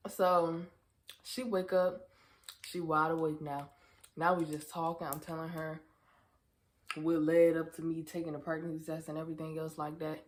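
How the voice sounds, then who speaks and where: Lively young woman vlogger, casual storytime. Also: low voice, moderate pace. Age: young adult. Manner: animated, profane retelling with acted-out quotes. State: tearful at times.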